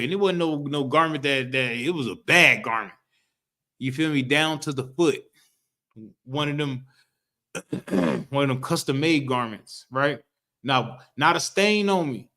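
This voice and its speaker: A man's voice: on the high side, bright, forceful tone. Man teaching scripture in slangy street talk. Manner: reads verses slowly, then explains loosely with "right?" and acted reactions. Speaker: street teacher of a history class.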